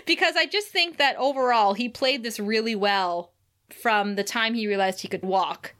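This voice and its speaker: A woman co-hosting a casual podcast, recapping a TV episode in lively, laugh-filled chat and swearing casually. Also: on the high side, a little slow. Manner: animated, laughs often, acts out quotes.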